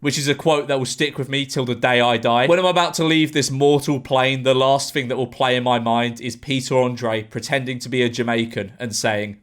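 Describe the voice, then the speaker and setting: A man's voice: medium pitch, fairly quick, few pauses, soft background music. A young man giving a sarcastic, swearing comedic commentary on a film, laughing often. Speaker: YouTuber reviewing a film.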